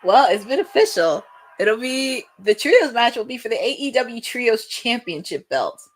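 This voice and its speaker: A young woman hosting a live watch-along, chatting and reacting excitedly with frequent laughs. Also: a little high, normal speed.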